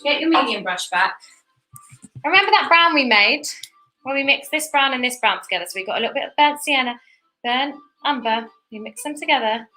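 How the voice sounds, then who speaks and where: Bright chatty woman teaching painting. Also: high-pitched, animated, fairly quick, faint music behind, rough recording. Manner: chatty, encouraging, talks while painting. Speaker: painting instructor. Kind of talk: live step-by-step painting class for kids.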